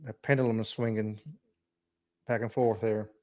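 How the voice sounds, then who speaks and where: A man's voice: on the low side, flat delivery, normal speed, no room sound, lo-fi sound. A man co-hosting a casual podcast, chiming in with short, agreeing replies. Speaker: podcast co-host.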